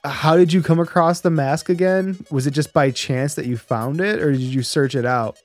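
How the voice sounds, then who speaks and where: A man co-hosting a casual podcast, ranting with animated, profane talk. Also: fairly high pitch, moderate pace, faint music behind. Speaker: podcast co-host.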